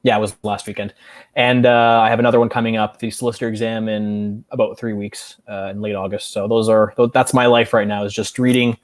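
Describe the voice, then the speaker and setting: A man's voice: lowish voice, flat delivery, fairly quick, dry recording, clean studio sound. A young man chatting as a guest on a video call, friendly and asking curious questions. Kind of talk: casual video chat.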